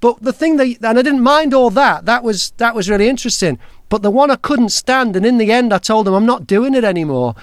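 A chatty, jokey man hosting a podcast, telling stories with a high-pitched voice. The recording is dry and close. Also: lively intonation, a little fast, no room sound. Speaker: podcast host. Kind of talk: casual chat.

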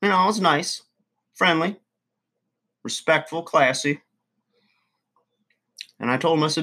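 A man's voice: fairly high pitch, unhurried, pauses often, pushed and bright. A man telling a rambling, self-important comic story to his channel's viewers. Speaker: channel host. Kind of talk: comedic character monologue to camera.

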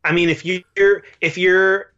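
A man co-hosting a podcast, rambling excitedly in casual chat and swearing now and then. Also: high-pitched, slow pace, lo-fi sound. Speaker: podcast co-host.

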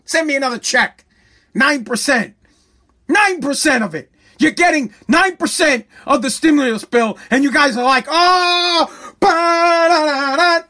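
A political commentator ranting with heavy profanity and sarcasm, swinging between loud mockery and a mock-calm hush. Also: high voice.

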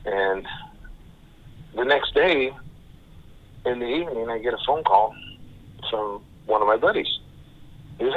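Middle-aged man telling a story over the phone. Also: on the low side. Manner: halting, repeats himself. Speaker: guest. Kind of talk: personal storytelling. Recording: tinny phone line.

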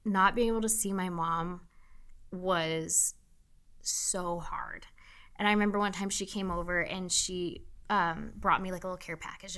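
A young adult nurse, appearing as a guest in a casual interview, talks candidly and emotionally and swears freely. Her voice is fairly low with a sharp tone.

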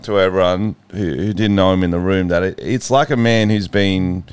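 Aussie podcast host, smooth clear voice, dry close sound, teasing. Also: male voice, low-pitched, fairly even intonation, normal speed, no echo. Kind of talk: casual podcast banter.

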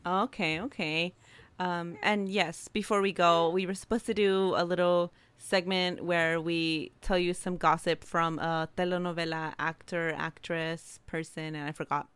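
A woman co-hosting a podcast, reacting with quick remarks and laughs in casual chat. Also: fairly low pitch, steady tone, a bit bright, smooth, dry recording. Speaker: podcast co-host.

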